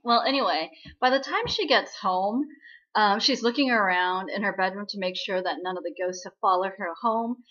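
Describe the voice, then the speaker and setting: A woman giving a casual spoken recap of a TV drama, chatty and full of fillers, acting out quoted lines in a higher voice. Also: normal speed, fairly bright tone, muffled recording.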